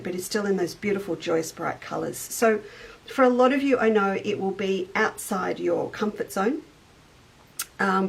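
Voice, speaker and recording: A middle-aged shop owner hosts a casual live sewing chat, greeting viewers by name and eating on air. Her mid-range voice is creaky, and the recording quality is low.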